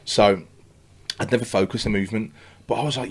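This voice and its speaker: A man on a podcast, talking quickly in a fairly low voice. He tells his story with lively energy and drops into his own past voice to act out what he was thinking. He swears often and loosely, in a relaxed chat. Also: husky. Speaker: podcast guest. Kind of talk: casual podcast interview.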